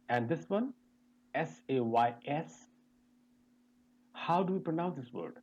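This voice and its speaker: A man teaching English pronunciation in an online lesson, speaking deliberately, repeating sounds and spelling words out letter by letter, and asking the class questions over a video call. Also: medium pitch, expressive, darkish tone, rough recording.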